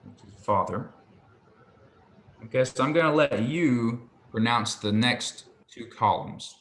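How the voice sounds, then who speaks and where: A man patiently tutoring a student in Hebrew pronunciation, relaxed and a little hesitant, with many ums. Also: mid-range voice, slow pace. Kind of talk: patient one-on-one language lesson. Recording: echoey room with faint ambience.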